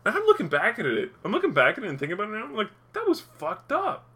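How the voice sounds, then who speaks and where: Bright, lively podcast co-host man. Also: high voice, racing. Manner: animated storyteller, swears freely, laughs often. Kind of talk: casual chat.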